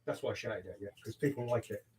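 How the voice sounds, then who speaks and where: A man's voice: lowish voice, quick pace, a little mellow, rough recording. A man, a barber chatting and teasing his customers while he cuts hair in his shop. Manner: cheeky, mock-gruff teasing. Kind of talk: livestreamed casual banter while cutting hair.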